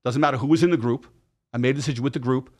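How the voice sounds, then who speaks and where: A man's voice: medium pitch, racing. A man, a podcast guest, telling a story in casual talk. He swears freely and acts out the dialogue of the people in it. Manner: profane, animated, acts out quoted dialogue.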